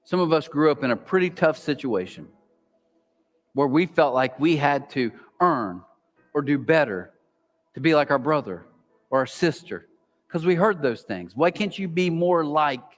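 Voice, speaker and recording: A man preaching a sermon as pastor, animated, sometimes acting out a whispering inner voice. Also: on the high side, normal speed, long pauses, soft background music. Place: large church auditorium. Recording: long hall reverb.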